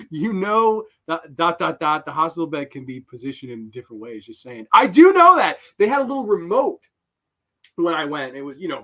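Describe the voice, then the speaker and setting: A man's voice: sits high, a bit bright. A young man giving rambling, profane live commentary on a horror film and breaking into giggling fits.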